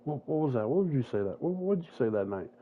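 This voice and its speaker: A man's voice: medium pitch, big pitch swings, fast, narrow, tinny audio, slight background noise, pitched above the performer's own voice, close to an everyday voice. A man voicing a bitter, menacing male villain who taunts his former best friend in a cold, profane way. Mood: taunting.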